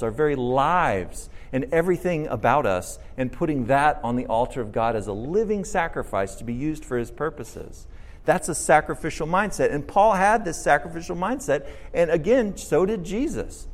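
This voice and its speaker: A pastor delivers a sermon with a lively, swinging voice that sits a little high for a man. He throws questions at his listeners and acts out the words of the people he quotes. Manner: animated preaching, asks the audience questions, acts out quotes.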